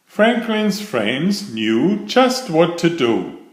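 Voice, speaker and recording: A man reading a children's picture book aloud, slow and expressive. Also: fairly high pitch. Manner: slow, sing-song, expressive. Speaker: storybook reader. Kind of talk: children's story read-aloud. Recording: echoey room.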